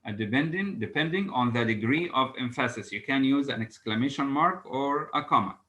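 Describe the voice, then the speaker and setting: A man teaching an English grammar lesson, reading example sentences aloud slowly and pausing often with "uh". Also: medium pitch, expressive, bright, forceful tone, low-quality recording. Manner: halting, frequent "uh" fillers, reads examples aloud slowly.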